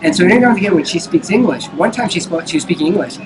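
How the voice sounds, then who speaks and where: A man's voice: high voice, rapid-fire, loud music behind the voice, low-quality recording. A man chatting casually as a guest on a live stream, telling stories animatedly and acting out what people said. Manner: animated storyteller, acts out quoted lines. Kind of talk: casual chat.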